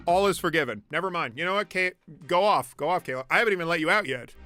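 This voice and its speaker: A man streaming a game with excitable, laughing, swearing commentary. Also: a little high, quick pace, few pauses. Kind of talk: casual gameplay commentary. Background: game music.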